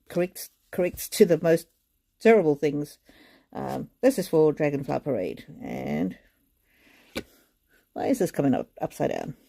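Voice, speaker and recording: A woman giving a live oracle card reading, speaking gently and reassuringly to viewers in a chatty way with many fillers, often close to tears. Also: sits low, gravelly.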